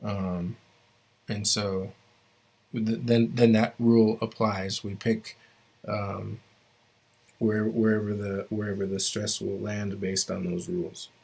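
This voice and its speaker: Male language teacher, low-pitched and even-toned, halting delivery, walks students through grammar rules. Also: gravelly, husky. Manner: halting, stops often to restart phrases; explains rules step by step to students. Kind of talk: classroom grammar lesson.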